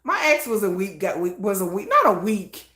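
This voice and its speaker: A middle-aged woman hosting a casual livestream, blunt and animated, laughing often and acting out conversations. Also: medium pitch, moderate pace, reverberant. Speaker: livestream host.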